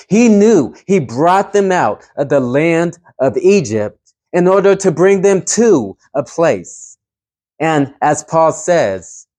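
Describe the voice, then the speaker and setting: A man's voice: a little high, darkish tone. A man preaching a sermon, earnest and emphatic, pushing his voice up to stress key points.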